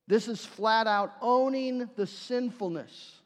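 High-voiced earnest male preacher. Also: takes it slowly. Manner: earnest, swinging between forceful and hushed. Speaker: pastor. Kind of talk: sermon. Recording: long reverb of a large hall.

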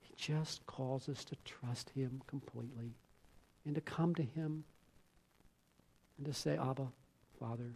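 A man's voice: mid-range voice, fairly even intonation, unhurried, gravelly, long pauses, a little mellow, breathy edge. A man preaching a sermon, telling a story earnestly and often repeating words.

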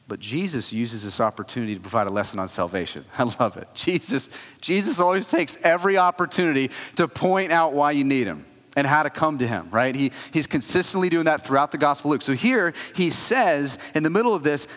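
A man in his thirties preaching a sermon as a pastor, talking in a conversational, animated way with frequent asides. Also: mid-range voice, brisk. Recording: long hall reverb.

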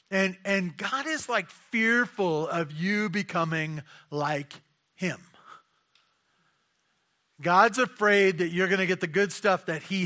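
A man's voice: on the high side, sharp tone. A man preaching a conversational sermon, asking rhetorical questions and often repeating his words.

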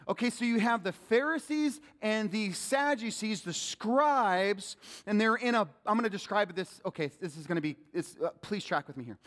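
A pastor with a fairly high voice preaches a sermon. He is animated and keeps calling out questions to the congregation. His voice carries a long reverb from the church sanctuary.

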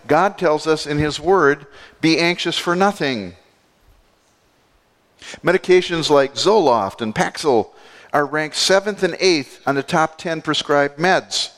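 A male pastor preaching a sermon, expressive, moving between soft, low passages and emphatic lifts. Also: clean tone. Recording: long hall reverb.

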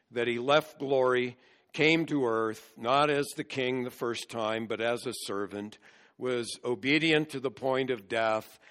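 A man's voice: medium pitch, a bit bright. A man preaching a sermon, earnestly explaining scripture verse by verse.

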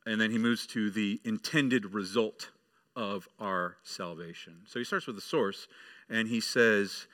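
A man's voice: fairly low pitch, unhurried, a bit bright. A male pastor preaching a sermon, telling a story to the children and building to emphatic preaching.

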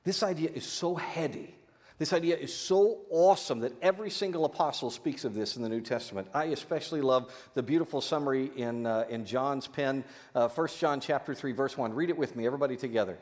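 A man preaching a sermon in an animated, folksy way, with sudden loud bursts, repeating words as he thinks. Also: medium pitch, fairly quick. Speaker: pastor. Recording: long hall reverb.

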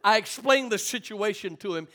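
A man's voice: sits high, moderate pace, bright, forceful tone. A middle-aged man preaching a sermon, telling stories and calling for amens from the congregation. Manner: call-and-response preaching, storytelling. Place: church sanctuary.

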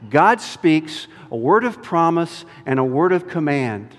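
A man preaching a sermon with an emphatic, deliberate delivery. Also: on the high side, sing-song. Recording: long reverb of a large hall.

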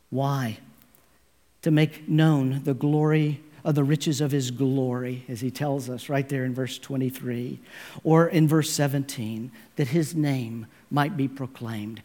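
A man's voice: mid-range voice, darkish tone. A man preaching a sermon with emphasis, calling his listeners friends. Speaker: pastor.

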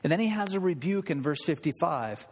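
A man's voice: fairly high pitch, lively intonation, brisk, darkish tone, slight background noise. A man preaching a sermon in a church, emphatic and impassioned, building his points with repetition and rhetorical questions. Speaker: pastor. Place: church sanctuary. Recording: long reverb of a large hall.

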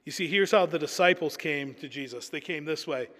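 A man's voice: on the high side, a little fast, fairly bright tone. Earnest male preacher in a reverberant hall. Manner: earnest, emphatic, repeats words. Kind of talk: sermon.

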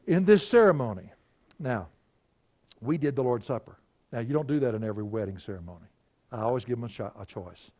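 A man's voice: medium pitch, animated, a little fast, warm tone, muffled recording. A middle-aged man, a pastor, telling folksy anecdotes in a conversational sermon and chuckling now and then. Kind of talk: storytelling sermon.

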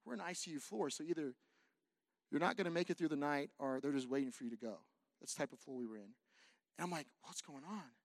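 A male pastor from California preaches in a high, quick voice, telling a story with lively swings between near-whispers and loud bursts. He jokes with the congregation as he goes. The recording is dry, with no room echo. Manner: animated, swings from hushed to loud. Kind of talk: sermon storytelling.

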